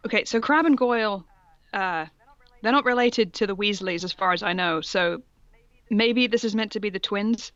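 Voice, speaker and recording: A woman's voice: mid-range voice, normal speed, a bit bright, no echo. A woman reading fan fiction aloud for a comedy podcast, breaking off for mocking asides and laughter. The recording is dry and a little muffled. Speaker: podcast co-host.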